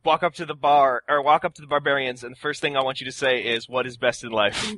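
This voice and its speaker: A man's voice: mid-range voice, steady tone, fast, sharp tone, slight background noise, poor audio. A man playing a tabletop game, goofy and laughing between his hesitant requests. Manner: goofy, laughing, many fillers. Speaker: player. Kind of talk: casual tabletop game play.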